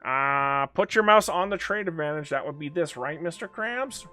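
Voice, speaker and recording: A man's voice: on the high side, normal speed, bright, forceful tone, faint music behind. A man giving casual live-stream commentary on a strategy game, chatty and swearing, talking back to the game and to chat.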